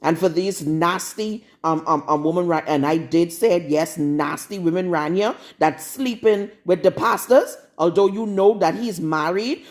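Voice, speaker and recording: A woman's voice: fairly low pitch, moderate pace, few pauses. A woman preaching a live-streamed sermon in a blunt, scolding, confrontational manner. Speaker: prophetess.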